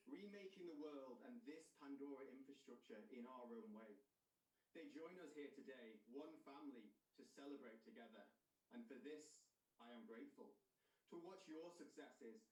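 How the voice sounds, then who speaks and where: Mock Roman emperor, slow stately speech, acted by a man, roomy, distant recording. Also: mid-range voice, a little mellow, lightly acted. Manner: mock-solemn oratory, slow stately delivery. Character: grandiose mock Roman emperor addressing his people. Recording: roomy, distant video-call audio.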